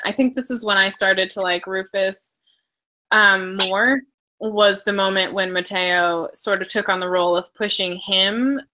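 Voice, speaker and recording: Bright-voiced woman chatting about books. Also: mid-range voice, poor audio. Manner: upbeat, laughs easily, teasing. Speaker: book club co-host. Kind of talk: casual book discussion.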